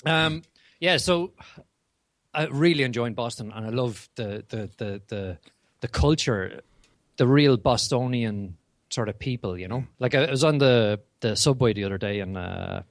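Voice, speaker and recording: A man's voice: mid-range voice, moderate pace, dry recording. Chatty man telling stories on a podcast. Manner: chatty storyteller with many restarts. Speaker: podcast co-host. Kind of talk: casual chat.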